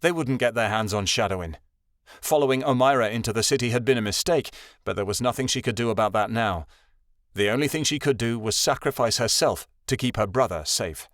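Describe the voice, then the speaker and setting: A man reading a fantasy audiobook aloud as narrator, in a steady, even storytelling read. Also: medium pitch, brisk, dry recording, studio quality.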